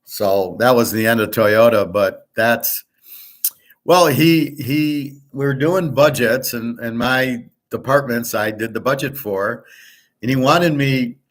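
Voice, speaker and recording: A middle-aged American man hosts a betting show, speaking slowly at a medium pitch. He tells a rambling story in a blunt, profane, indignant manner.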